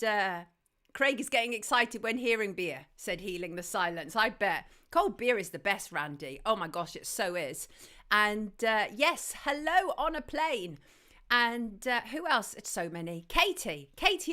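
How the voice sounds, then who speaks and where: A woman hosting a live stream, greeting viewers and reading their messages in a chatty, affectionate way, her throat slightly hoarse. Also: fairly high pitch, sharp tone. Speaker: host. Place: home studio in southwest London.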